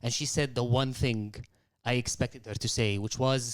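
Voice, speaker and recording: Young guy ranting on a podcast, animated, keeps doing his mom's lines. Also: mid-range voice, fast talker, no echo. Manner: animated, acts out quotes of his mother. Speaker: podcast guest. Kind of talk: casual storytelling chat.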